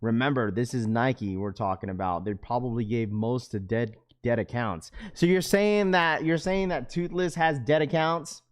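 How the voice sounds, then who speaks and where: A young man hosts a casual live stream, reading viewers' comments out loud and bantering back in slang. He talks at a moderate pace with few pauses, getting louder and higher when he's worked up.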